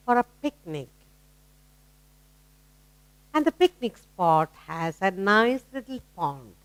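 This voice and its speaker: A woman's voice: fairly high pitch, a bit bright, no echo. A woman with an Indian English accent teaching young children phonics, coaxing them with questions and praising their answers.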